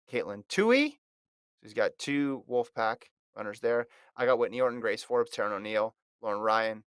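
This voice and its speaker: A man's voice: medium pitch, clear, resonant tone, no room sound. A man hosting a casual sports chat, running a fantasy draft in a chatty, teasing way and reading out lists of picks.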